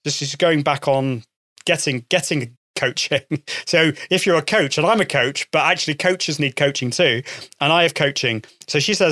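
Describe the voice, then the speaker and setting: A man's voice: medium pitch, normal speed, a bit bright, no echo, studio quality. A man hosting his own podcast, chatting enthusiastically and often repeating himself as he talks to listeners. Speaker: podcast host. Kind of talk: solo podcast talk with sponsor read.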